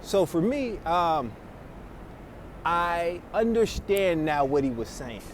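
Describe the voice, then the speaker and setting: A man's voice: on the high side, animated, takes it slowly, slight background noise. A man telling stories in casual, profane chat, laughing often. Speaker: podcast host.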